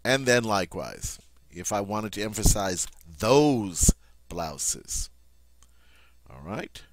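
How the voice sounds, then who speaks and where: A man's voice: fairly low pitch, animated, normal speed, a bit bright, no echo. A man teaching a French grammar lesson, emphatic and repeating "all right" often.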